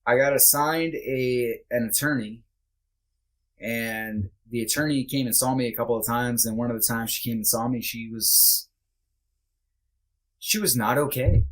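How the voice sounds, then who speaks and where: Speaking at a measured pace in a mid-range voice, this man guests on a podcast and candidly relates a personal story. The delivery is casual and loose, heavy on fillers, blunt, with occasional swearing.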